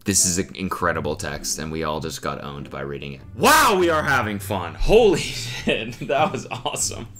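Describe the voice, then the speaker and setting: A man hosting comedic commentary, animated and exaggerated, swearing freely. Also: low voice, moderate pace, few pauses, soft background music. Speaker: comedy host.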